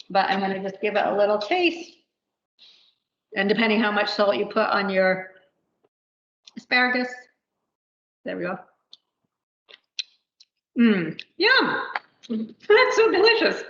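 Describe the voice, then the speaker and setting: A woman's voice: a little high, fairly bright tone, slight background noise. A woman teaching a live cooking demonstration, chatting and thinking aloud with plenty of fillers. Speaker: cooking instructor. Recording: roomy, dull lo-fi livestream audio.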